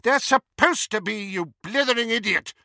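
A man's voice: high voice, very animated, moderate pace, sharp tone, no room sound, studio quality, pitched above the performer's own voice, exaggerated voice. A man voicing a stern, commanding older female witch with a clipped, authoritative manner in a storybook reading. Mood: exasperated.

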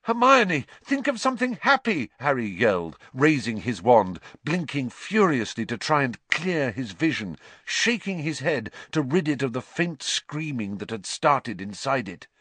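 A man narrating a story in a measured, dramatic way. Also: medium pitch, expressive, fairly bright tone, husky, no room sound. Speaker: audiobook narrator.

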